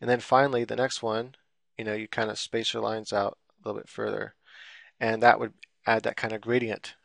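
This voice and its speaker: A man's voice: fairly low pitch, flat delivery, brisk, gravelly, a bit bright, no room sound, studio quality. A man giving a casual, rambling drawing tutorial while he works on screen, full of fillers and loose explanations. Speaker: drawing instructor.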